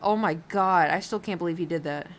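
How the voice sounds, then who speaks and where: A woman's voice: on the low side, a little fast. A woman streamer chatting casually while painting, rambling with lots of fillers and giggles.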